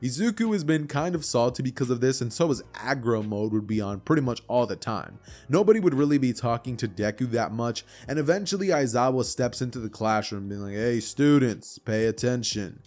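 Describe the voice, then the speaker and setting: A man narrating a fan story in a casual, chatty way, with quick asides. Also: mid-range voice, very animated, a little mellow. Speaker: YouTube storyteller.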